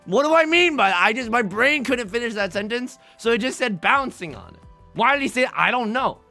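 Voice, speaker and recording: Brief: young male streamer, first language Mandarin, casual rambling game commentary, animated and gravelly. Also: very high voice, brisk, soft background music. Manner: rambling, self-deprecating, chatting with viewers. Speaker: livestreamer playing online mahjong.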